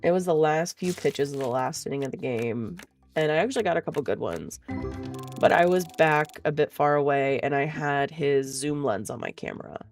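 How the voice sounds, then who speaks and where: A woman's voice: deep voice, expressive, normal speed, a little mellow, soft background music. A woman vlogger telling a story in casual chat, blunt and profane, laughing often.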